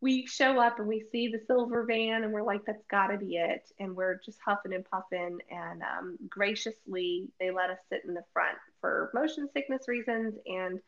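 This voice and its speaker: Co-hosting a laid-back podcast conversation, a woman recounts a trip with plenty of laughter and performed quotes, staying animated throughout. Her mid-range voice keeps a moderate pace with few pauses, and the lo-fi recording sounds dull.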